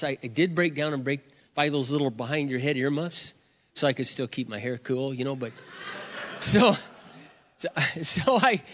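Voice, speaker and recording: A middle-aged man preaching a sermon, telling a personal story in an expressive, animated way, his voice surging loud and dropping low. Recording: dull sound, long reverb of a hall.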